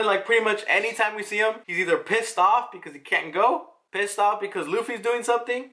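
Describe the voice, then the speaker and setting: Young male reviewer, rambling and foul-mouthed, bright forward tone. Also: fairly high pitch. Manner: loose, profane, rambling, with laughs. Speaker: manga reviewer. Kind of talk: casual solo review vlog.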